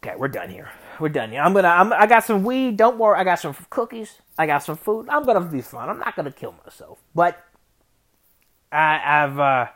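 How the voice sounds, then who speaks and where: A man's voice: on the high side, big pitch swings, a little fast, fairly bright tone. A man, a Detroit-area sports fan, rambling through a casual sports rant full of restarts and swearing, growing exasperated. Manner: rambling, frequent restarts and profanity, rising to exasperated. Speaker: sports podcaster.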